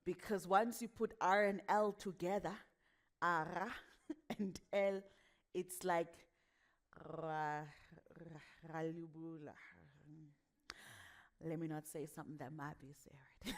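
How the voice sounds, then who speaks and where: A young adult woman with a West African accent and a mid-range voice coaches a lively workshop on voice and speaking. Energetic and quick to laugh, she performs the voices of the people she quotes.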